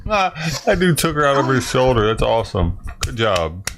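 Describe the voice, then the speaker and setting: A man's voice: medium pitch, big pitch swings, brisk, fairly bright tone. A man reacting to a video in casual, crude and heavily profane commentary, sounding exasperated. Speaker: reaction streamer.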